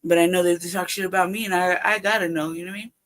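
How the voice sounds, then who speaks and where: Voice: mid-range voice, steady tone, very fast, fairly bright tone. A livestream host telling a personal story casually, heavy with profanity, laughing often and acting out both sides of a conversation. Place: home livestream setup.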